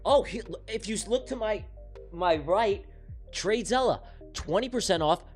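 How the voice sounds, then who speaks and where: A man voicing a hyped male ad announcer, loud and punchy. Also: animated, soft background music. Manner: loud, punchy, rapid pitch. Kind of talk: sponsor read.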